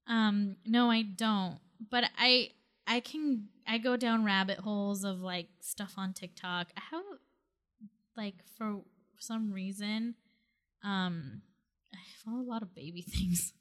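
A woman's voice: medium pitch, slow, fairly bright tone. A woman co-hosting a casual podcast chat, talking loosely with lots of fillers and easily spooked. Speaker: podcast co-host.

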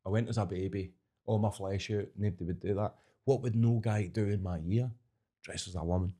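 A man's voice: fairly low pitch, fairly quick. A Scottish man telling stories in a casual podcast chat, acting out voices and laughing often. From Scotland. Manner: lively storyteller, acts out voices, laughs often. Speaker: podcast guest, entertainer.

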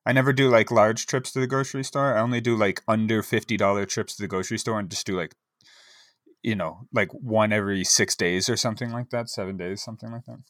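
A man's voice: lowish voice, steady tone, quick pace, fairly bright tone, dry recording, clean studio sound. A man co-hosting a podcast, telling a rambling story in casual chat with lots of fillers and a wry tone. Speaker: podcast co-host.

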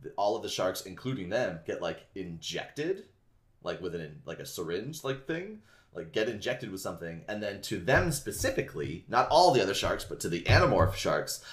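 A man's voice: low-pitched, very animated, normal speed. A man casually retelling a book's plot, full of "like" and swearing, acting out characters' lines. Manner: rambling, heavy use of "like", swears casually, acts out characters' lines. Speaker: podcast host recapping a book. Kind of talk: casual storytelling recap.

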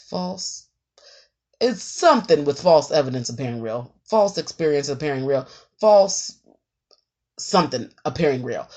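A young adult woman talking casually and candidly to her viewers, with frequent ums and some swearing. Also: fairly low pitch. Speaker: meditation vlogger. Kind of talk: casual talk to camera.

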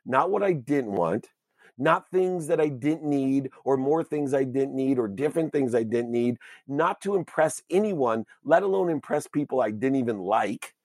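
A man telling a personal story as an interview guest, earnest and emotional, with halting restarts. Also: medium pitch, expressive, darkish tone, dry recording, clean studio sound.

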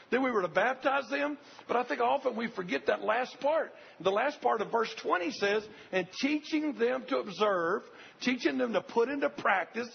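Gravelly high-voiced older preacher. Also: male voice. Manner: earnest, repetitive, addresses the congregation directly. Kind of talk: sermon. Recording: dull lo-fi recording.

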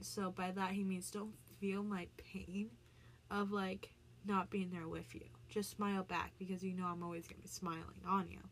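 A woman's voice: mid-range voice, flat delivery, normal speed, a little hiss or hum. A woman talking casually as a vlogger, explaining the meaning of song lyrics with many fillers and restarts. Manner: chatty, frequent "like" fillers and restarts.

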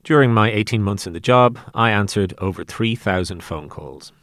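A man reading his own essay aloud in a wry, deadpan way. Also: on the low side, moderate pace, no echo, clean studio sound.

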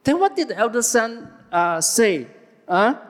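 Animated preacher in a hall. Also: male voice, extremely high pitch, unhurried. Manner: animated, asks the audience questions and answers them. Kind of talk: sermon.

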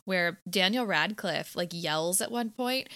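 A woman's voice: lowish voice, lively intonation, measured pace, sharp tone, no room sound, clean studio sound. A young woman co-hosting a podcast, chatting in a laid-back way and laughing often. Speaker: podcast co-host. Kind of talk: casual chat.

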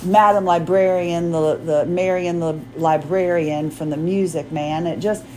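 A woman's voice: lowish voice, fairly even intonation, a little slow, dark tone, a little hiss or hum, poor audio. A woman in her forties hosting her own podcast, talking in a chatty, rambling way, often restarting her sentences and acting out quotes. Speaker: podcast host. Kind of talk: casual solo podcast chat.

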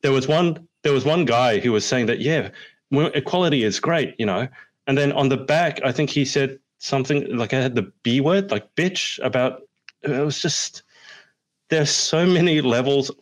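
A man co-hosting a casual chat show, reading viewer comments and telling stories with lively emphasis. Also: moderate pace. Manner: animated storyteller, rising pitch when acting out quotes. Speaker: podcast host.

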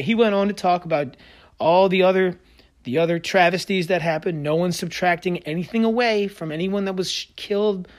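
A male podcast host delivers a heated solo sports opinion rant, sarcastic and combative. His voice is somewhat higher than most men's, swinging from loud outbursts to low, muttered asides.

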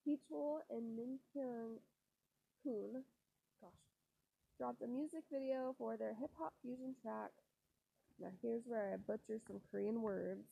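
A woman's voice: a little high, steady tone, a little slow, gravelly, pauses often, dark tone, breathy edge, low-quality recording. A young woman hosting a casual chat show, rambling and gushing with many fillers and restarts. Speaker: podcast host. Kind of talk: casual chatty commentary.

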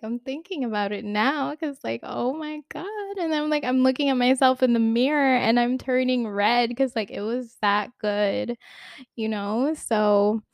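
A woman's voice: a little high, dry recording, clean studio sound. A young woman talking frankly to the camera in a casual question-and-answer vlog, full of "like" and little laughs. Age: young adult. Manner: chatty, filler-heavy with "like", giggly, frank. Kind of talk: candid casual Q&A monologue.

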